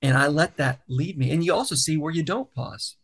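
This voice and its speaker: A man's voice: fairly high pitch, a little fast, a bit bright, breathy edge. A man, a songwriter and guest, talking casually in an interview and explaining his process thoughtfully, step by step.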